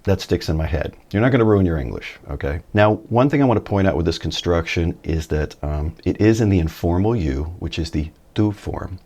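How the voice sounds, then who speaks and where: A man giving a relaxed, chatty video lesson, with folksy asides, a little tired early in the morning. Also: low voice, a little fast, few pauses. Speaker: Spanish teacher.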